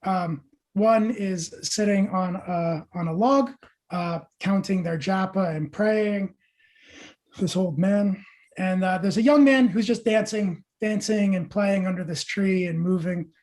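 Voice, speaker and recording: A man, a meditation teacher, telling a spiritual parable as a podcast guest, with lively asides to his listeners. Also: sits high, measured pace.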